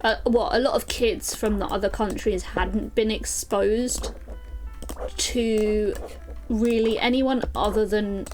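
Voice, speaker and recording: A young woman from London with a softened London accent, chatting casually to her live chat while playing a puzzle game. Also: medium pitch, fairly even intonation, slow, soft background music, rough recording. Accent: London English, softened. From London, England. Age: young adult. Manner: chatty, rambling, talks to chat by name. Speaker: streamer.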